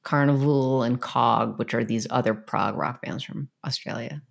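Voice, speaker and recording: A woman's voice: extremely low pitch, normal speed, gravelly. A woman co-hosting a music podcast, chatting casually and gushing about songs she loves, with plenty of filler words. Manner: bubbly, gushing, many fillers. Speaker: podcast co-host. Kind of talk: casual chat.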